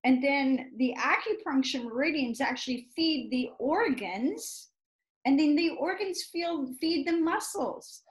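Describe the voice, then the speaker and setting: A woman's voice: sits high, animated, measured pace, poor audio. A woman hosting an interview as a medical intuitive healer, explaining step by step and often checking in with "right?". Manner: explanatory, keeps asking "right?".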